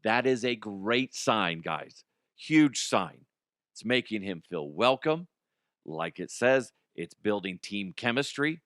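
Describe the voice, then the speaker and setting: A man's voice: lowish voice, animated, slow, fairly bright tone, dry recording, clean studio sound. A man hosting a sports talk show in casual solo chat. He rambles, mocks himself and laughs often.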